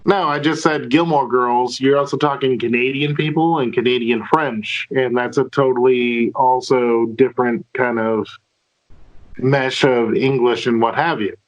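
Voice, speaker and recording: A man in a casual remote group chat, talking animatedly and trying out quick accent bits. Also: mid-range voice, fairly even intonation. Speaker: podcast co-host. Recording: dull lo-fi remote call audio.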